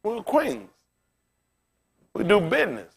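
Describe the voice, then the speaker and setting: Higher-voiced male pastor, preaching loosely. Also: wildly swooping pitch, normal speed, gravelly. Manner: casual preaching with big swings in pitch and loudness; talks directly to the congregation. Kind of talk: sermon.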